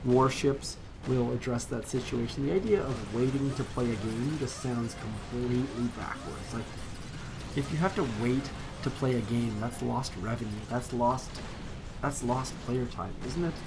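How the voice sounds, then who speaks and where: A young man rambles through a game live stream in a loose, easygoing way, full of ums and restarts. His voice has a gravelly edge, and a clear layer of noise sits under the recording. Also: mid-range voice, normal speed. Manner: rambling, relaxed, many fillers and restarts. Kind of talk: casual live-stream commentary while playing.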